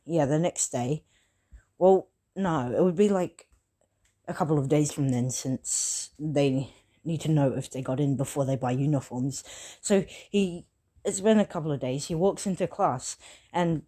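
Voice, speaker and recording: A woman's voice: deep voice, mellow. A woman improvising a fan story aloud, rambling with many fillers and self-corrections.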